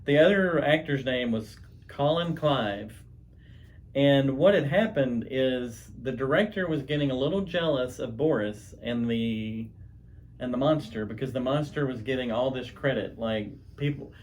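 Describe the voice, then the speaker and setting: A man's voice: medium pitch, unhurried, a little hiss or hum. A man co-hosting a home podcast, telling stories in a rambling, chatty way with many restarts. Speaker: podcast co-host. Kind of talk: casual chat.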